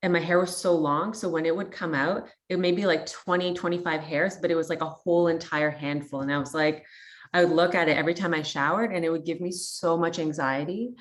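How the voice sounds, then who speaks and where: Her voice is low, steady in tone and a little fast: a Canadian woman in her thirties, appearing as a guest, recounts a personal story in a frank, chatty way with plenty of fillers and quoted thoughts.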